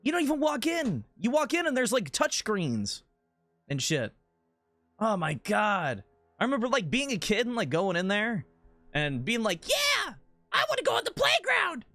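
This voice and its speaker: A man streaming a game, chatting casually in a rambling, profane, animated rant. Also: sits high, normal speed, dry recording, soft background music.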